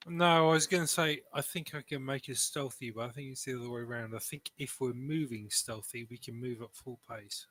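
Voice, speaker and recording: Bright-voiced male player, dry sound. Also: mid-range voice, fairly even intonation, a little fast, few pauses, dry recording, poor audio. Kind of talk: tabletop game role-play.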